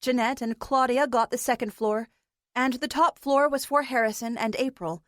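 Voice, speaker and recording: A woman reading an audiobook in measured, even storytelling narration. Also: sits high, no echo, studio quality.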